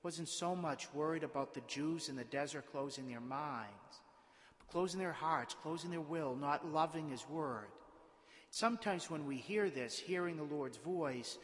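A man serving as priest, reading a Gospel passage in a measured liturgical way, then preaching a homily with explanatory asides and rhetorical questions. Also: a little high, a bit bright, in a large hall. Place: church.

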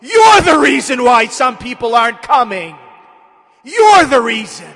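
A priest voicing the devil as a grotesque, spiteful male spirit who mocks and taunts in a loud voice. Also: extremely high pitch, very animated, unhurried, pitched above the performer's own voice, heavily acted. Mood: taunting. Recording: long hall reverb.

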